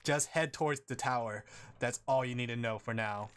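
A man voicing a cryptic male servant of a moon god in a deliberately monotone voice, reading game dialogue aloud. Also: medium pitch, clear, resonant tone, close to an everyday voice. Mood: solemn. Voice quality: monotone, flat delivery.

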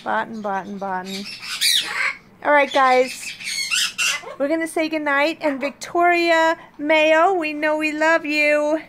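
A high-pitched woman talks slowly and unhurriedly to her viewers, slipping into cooing baby talk with her pet birds. Loud squawking and clicking from the birds fills the background. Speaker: pet bird owner and vlogger. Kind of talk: casual vlog chat to viewers and birds. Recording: loud bird squawks and noise behind.

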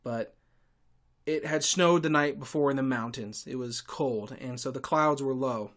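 A man's voice: mid-range voice, unhurried. Sarcastic man ranting on a podcast. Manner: sarcastic, irritable, with sudden loud outbursts. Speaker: podcast host and tour guide. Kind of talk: casual ranting monologue.

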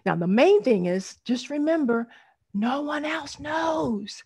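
Woman, middle-aged, lively pitch, slow pace, encouraging storytelling teacher, video call. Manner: encouraging, animated, laughs often. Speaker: storytelling workshop presenter. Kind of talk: online workshop teaching.

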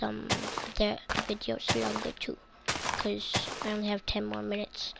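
Whispery, rambling woman over loud hiss. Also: medium pitch, completely flat delivery, unhurried, creaky. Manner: rambling, playful, often drops to a whisper. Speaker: gameplay channel host. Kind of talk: casual gameplay commentary. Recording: loud hiss and clicks on a home mic.

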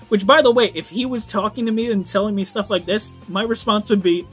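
A man's voice: sits high, brisk, fairly bright tone, soft background music. A young man giving a casual book review, rambling with frequent ums and swearing when worked up.

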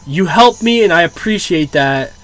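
A young man recording a let's play, exasperated, pleading with the game and swearing, now and then erupting into shouts. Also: high-pitched, animated, normal speed, faint music behind. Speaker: gaming YouTuber. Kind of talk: frustrated let's play commentary. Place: home room.

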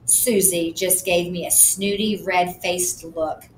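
A woman's voice: lowish voice, steady tone, slow pace, reverberant, a little hiss or hum, low-quality recording. A woman narrating a first-person children's book in a plain, matter-of-fact storytelling manner. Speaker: audiobook narrator.

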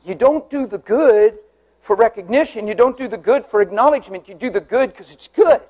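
A man preaching a sermon with fervour, swinging between shouted exclamations and soft, tender passages. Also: sits high, expressive, fairly quick.

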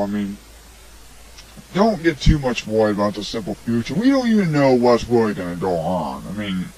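A man's voice: mid-range voice, rough recording. A man hosting a homemade radio show, rambling through a preachy opinion monologue full of "I mean" and "come on". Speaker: amateur radio show host. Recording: homemade hobby recording.

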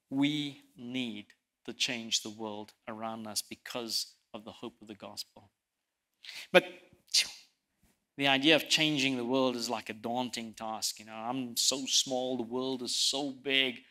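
A pastor with a medium-pitched voice preaches a sermon and tells stories. He swings between loud emphasis and soft, quiet lines, sometimes repeating words to drive a point home.

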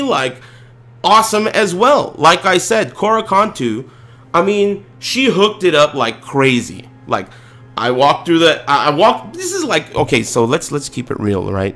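A man streaming, telling a casual, profane, rambling story with animated delivery. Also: on the high side.

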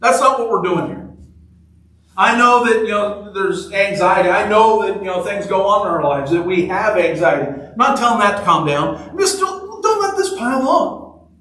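In a church sanctuary, a pastor gives a sermon at normal speed, his high-pitched voice fairly bright. His style is casual and humorous, with short phrases repeated for emphasis, captured from far away in an echoey hall.

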